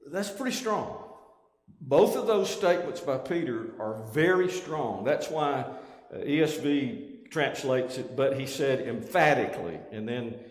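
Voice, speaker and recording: A man's voice: mid-range voice, lively intonation, unhurried. A man teaching a bible class, reading scripture aloud and stopping often to restart his thought. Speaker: preacher. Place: church auditorium. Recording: echoey church hall, roomy reverb.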